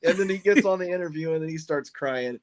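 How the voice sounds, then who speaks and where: A man who owns and drives a funny car, telling stories in an excited, rambling way with lots of restarts on a podcast. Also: fairly high pitch, fast talker. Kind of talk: podcast interview, casual storytelling.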